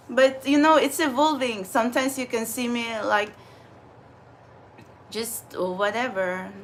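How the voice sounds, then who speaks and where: A woman talking casually in a rambling vlog, chatty and animated, with lots of fillers and laughter. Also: high-pitched, a little hiss or hum. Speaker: vlogger and spiritual channeler. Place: New York City area.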